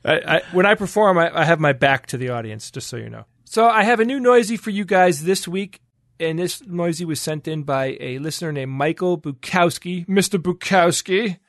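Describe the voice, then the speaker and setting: A man's voice: fairly high pitch, fairly quick, a bit bright, no echo, clean studio sound. Playful man hosting a podcast segment. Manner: playful, reads listener emails aloud with laughing asides. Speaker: podcast co-host presenting a listener segment. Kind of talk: casual podcast chat.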